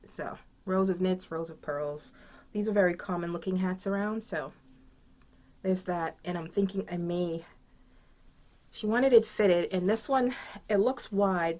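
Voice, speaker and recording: A woman with a slightly low voice talks through her crafts from home in a loose, rambling way. She thinks aloud as she goes and fills the gaps with ums. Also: darkish tone. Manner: rambling, chatty, thinks aloud with many fillers. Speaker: crafting podcast host. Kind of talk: casual chat.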